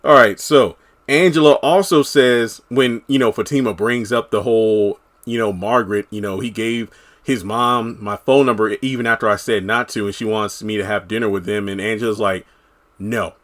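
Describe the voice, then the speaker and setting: A man's voice: fairly low pitch, fairly even intonation, normal speed, fairly bright tone. A man giving a casual, rambling recap of a TV episode, full of "you know" fillers. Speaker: TV episode reviewer.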